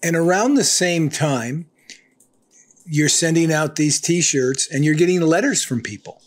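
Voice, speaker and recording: A thoughtful man hosts an interview, laying out the guest's story at length before posing a question. His voice sits somewhat higher than most men's. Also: a little slow. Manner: thoughtful, summarizing before asking. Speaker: podcast host.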